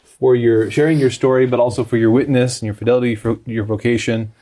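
A man's voice: mid-range voice, fairly even intonation, dark tone. A man hosting a faith interview program, talking casually with many fillers. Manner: quick, easygoing, with many fillers. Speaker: host.

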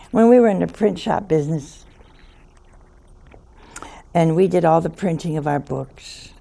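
An older woman telling a story in a slow, folksy way, chuckling as she goes. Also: sits low, creaky, warm tone. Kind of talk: storytelling talk.

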